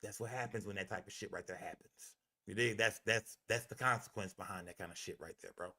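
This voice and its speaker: A man's voice: lowish voice, fast, pushed and bright. A man hosting a livestream, talking in a heated, profane and emphatic way, often repeating himself. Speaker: livestream host.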